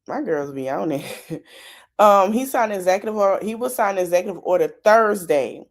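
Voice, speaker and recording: A woman's voice: medium pitch, animated, moderate pace. A woman hosting a casual livestream podcast, chatting straight to her viewers with plenty of asides. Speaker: podcast host.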